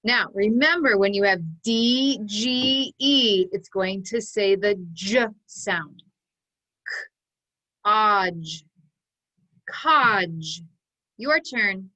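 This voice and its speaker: A woman teaching an online phonics lesson, calling out sounds and blending words slowly and deliberately for children to repeat. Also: mid-range voice, a bit bright, poor audio. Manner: slow, deliberate drill calls, sounding out each part.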